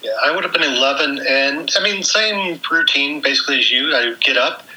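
An easygoing man from the central United States talks over old memories. His voice is very bright and sharp, at a middle pitch. He often restarts his sentences as he thinks back. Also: a little fast, rough recording. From US Central region. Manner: easygoing, reminiscing with many restarts. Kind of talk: casual nostalgic chat.

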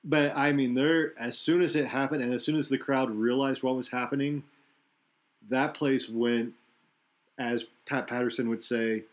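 A man's voice: medium pitch, fairly even intonation, normal speed. A man hosting a podcast, chatting casually in long rambling runs that restart and correct themselves. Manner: rambling, self-correcting analysis. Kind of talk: casual wrestling chat.

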